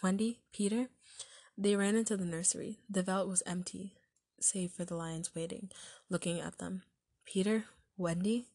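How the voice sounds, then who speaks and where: A woman reading a story aloud as narrator, telling it in a steady, measured way. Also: fairly low pitch, gravelly, husky, no echo.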